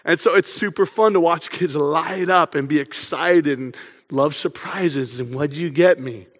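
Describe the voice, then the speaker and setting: A young male pastor with a high voice gives a casual, chatty sermon and keeps drawing the congregation in. His words trail off into a long reverb across the church hall. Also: unhurried, a bit bright.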